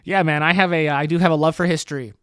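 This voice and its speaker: A man's voice: on the high side, steady tone, quick pace, a bit bright, clear, resonant tone, no echo, studio quality. An American man hosting a solo podcast, talking in a sarcastic, rambling, self-mocking way. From United States. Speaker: podcast host.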